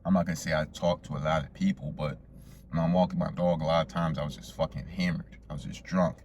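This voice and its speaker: A man's voice: rumbling low, flat delivery, quick pace, a little mellow, a little hiss or hum. A young man casually telling a profane, slangy story straight to his viewers as a vlogger.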